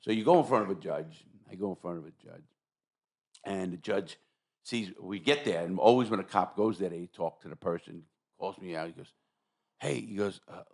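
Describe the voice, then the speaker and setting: A man hosting a podcast, telling a story in casual chat, animated and profane, acting out what people said. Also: deep voice, fairly quick, vocal fry. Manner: profane, animated storyteller who acts out quotes. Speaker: podcast host.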